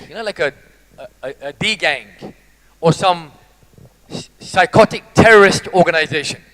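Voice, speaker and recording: Man, a high-pitched motivational speaker who is animated and teases the crowd. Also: low-quality recording. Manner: animated, jokey, teases the audience. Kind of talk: live motivational talk.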